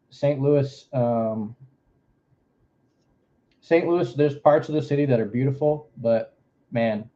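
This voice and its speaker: Warm-voiced Southern man, rambling stream host. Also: medium pitch, highs cut off. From Florida. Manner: rambling, joking, drawling asides. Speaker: livestream host. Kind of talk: casual stream chat.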